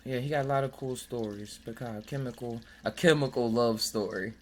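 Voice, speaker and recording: Podcast host, casual chat, giggly, jokey, mid-pitched voice, stumbles over words reading aloud. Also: normal speed, slight background noise.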